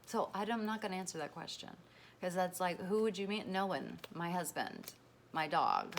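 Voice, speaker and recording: A woman's voice: fairly low pitch, sing-song, moderate pace, slight background noise. A woman vlogger talking candidly to her followers, emphatic and frank, swearing freely and repeating herself as she works through her thoughts. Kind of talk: candid personal monologue to followers.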